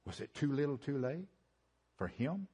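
A man preaching a sermon, swinging from rising, emphatic build-ups to hushed low lines and repeating phrases for emphasis. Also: very animated, normal speed, breathy edge.

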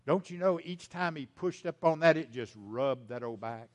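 An older man from the United States preaching a sermon, swinging from loud emphasis to hushed lines and repeating key phrases. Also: fairly high pitch, expressive, normal speed.

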